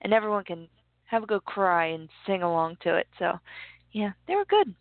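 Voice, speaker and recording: A woman co-hosting a casual chat about music, relaxed and chatty, laughing easily. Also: medium pitch, normal speed, dry recording. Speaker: podcast co-host. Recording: dry, tinny phone-line sound.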